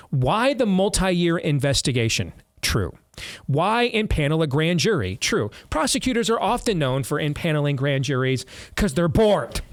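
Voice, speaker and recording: Male talk host, higher-pitched voice, blunt and sarcastic, dry studio sound. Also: no echo. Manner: blunt and sarcastic, with frequent restarts. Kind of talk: political talk show commentary.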